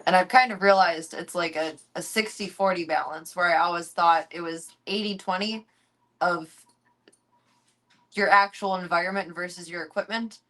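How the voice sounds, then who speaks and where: Streaming from her home, this young woman keeps the chat loose, cursing without restraint and talking baby talk to her pets. She speaks at a normal speed in a fairly low-pitched, fairly bright voice.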